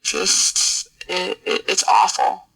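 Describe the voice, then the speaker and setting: A middle-aged woman, a military officer appearing as a podcast guest, shares a personal story in an interview. Her voice is a bit bright and the recording rough, and she speaks earnestly and haltingly, often repeating words while searching for them.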